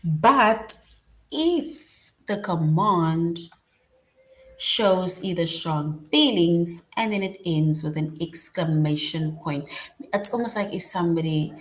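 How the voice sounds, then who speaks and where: A woman's voice: lowish voice, expressive, takes it slowly. A woman teaching a children's grammar lesson online, explaining patiently and often checking in with "right?".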